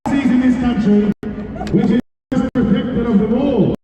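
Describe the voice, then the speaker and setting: An Australian man with an extremely high, steady voice addresses an outdoor city rally at normal speed, wry and defiant, sprinkling in jokes and asides. The audio is echoey, distant and dull, with crowd sounds and other noise.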